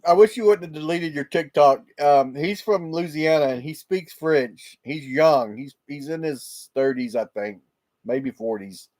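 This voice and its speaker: Unhurried and a little high-voiced, a man hosts a livestream, chatting casually with viewers on his laptop mic. His tone is darkish, and he rambles and laughs often.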